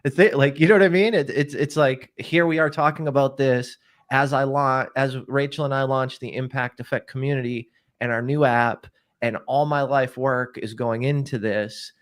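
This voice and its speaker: A man's voice: medium pitch, steady tone, moderate pace. A man co-hosting a live stream, talking earnestly, often repeating words and restarting sentences. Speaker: co-host.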